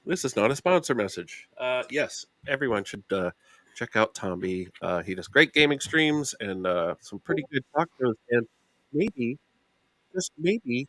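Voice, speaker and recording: An easygoing man hosts a live panel stream in casual chat, his voice sitting at an ordinary middle pitch. The sound is close and dry with no room around it. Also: lively intonation, a little slow, a bit bright, no room sound. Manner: easygoing, reads out sponsor and link notes. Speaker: host.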